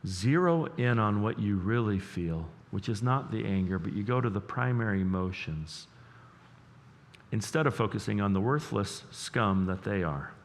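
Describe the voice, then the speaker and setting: A man preaching a sermon as pastor, earnest and emotional, dropping to a hush and then rising loud, repeating words as he builds up. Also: lowish voice, animated, moderate pace. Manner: earnest, emotional, swings between hushed and loud. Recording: long reverb of a large hall.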